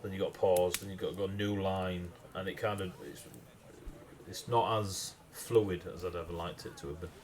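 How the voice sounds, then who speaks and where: Northern English man, lowish voice, rambling livestream chat, loses his thread. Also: fairly even intonation, moderate pace, darkish tone. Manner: rambling, loses his train of thought, self-mocking. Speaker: stream host writing game lore.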